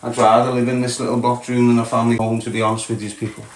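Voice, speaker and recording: Racing along in a completely flat, medium-pitched delivery, a Scouse livestream host talks bluntly to his viewers and addresses them as lad and mate. The small box room gives a roomy echo, and there's slight background noise.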